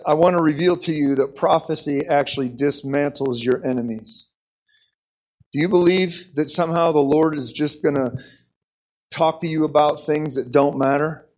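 A man's voice: fairly high pitch, fairly even intonation, normal speed, a little mellow, low-quality recording. An American man preaching an impassioned sermon, repeating phrases and leading the congregation in call-and-response.

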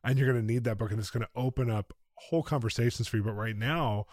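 A man's voice: mid-range voice, fast talker, a little mellow, no echo, clean studio sound. A man hosting an interview and chatting casually, with enthusiastic, affirming interjections. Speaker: interviewer host.

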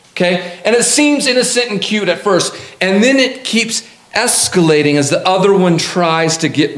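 A man preaching a sermon as a pastor, lively and humorous, with emphatic repetition. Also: fairly high pitch. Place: church sanctuary. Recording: echoey church hall.

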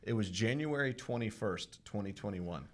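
A man with a fairly low voice hosts a casual podcast. He sounds upbeat and friendly, and he slows down to read out numbers one by one. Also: expressive. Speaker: podcast host.

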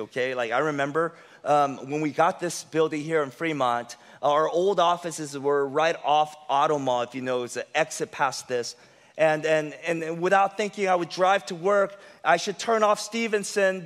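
High-voiced pastor preaching. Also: male voice, big-room sound. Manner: conversational and humorous, acts out inner voices. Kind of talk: sermon.

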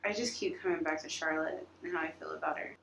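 A woman's voice: sits low, fairly even intonation, quick pace, gravelly, a bit bright. A young woman co-hosting a podcast, chatting casually and telling rambling stories with frequent giggles. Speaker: podcast co-host. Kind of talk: casual chat. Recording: echoey room, faint background hum.

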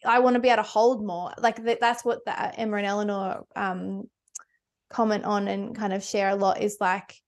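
A woman's voice: mid-range voice, little pitch movement, normal speed. A woman in her thirties co-hosting a podcast, thinking aloud with many fillers. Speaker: podcast co-host. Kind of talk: casual heartfelt conversation.

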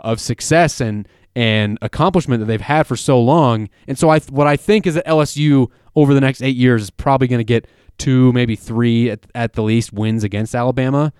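A man hosting a casual sports talk podcast, rambling and animated, often restarting his sentences. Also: mid-range voice, smooth, no room sound, studio quality. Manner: rambling, self-interrupting, animated. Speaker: podcast host.

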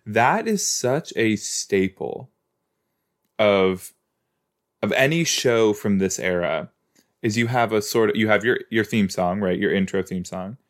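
A man's voice: lowish voice, a little slow. A man hosting a casual watch-along podcast, rambling and questioning himself aloud as he goes. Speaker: podcast host.

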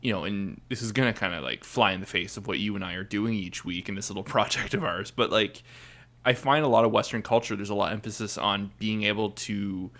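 Bright-voiced man, rambling podcast chat. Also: on the low side, brisk. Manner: rambling, many fillers and restarts. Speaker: podcast co-host. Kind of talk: casual chat.

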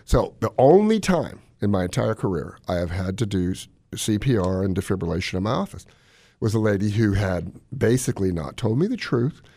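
Man, cardiologist radio host, lively swooping pitch, lowish voice, dry close sound. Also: gravelly, no echo. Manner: animated storyteller, lively pitch swings. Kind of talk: casual radio chat.

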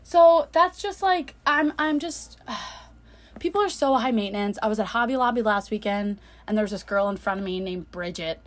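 A young woman co-hosting a podcast, chatting casually and telling animated stories in which she mimics other people's voices. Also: medium pitch, moderate pace. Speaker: podcast co-host. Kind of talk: casual chat.

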